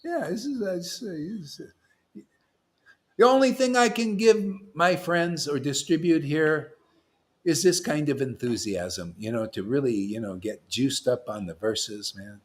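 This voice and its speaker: A man's voice: on the high side, unhurried. Fervent, slangy male preacher. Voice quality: excitable, loud bursts, laughs and shouts, slangy with "man". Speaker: preacher leading a devotional class. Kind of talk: fervent, rambling sermon with verse quotes.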